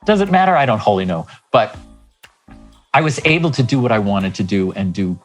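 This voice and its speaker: Man, 60s, life coach guest; lively raconteur who performs the dialogue, soft music bed. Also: on the low side, normal speed. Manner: animated, acts out dialogue in shifting voices. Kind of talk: storytelling interview talk.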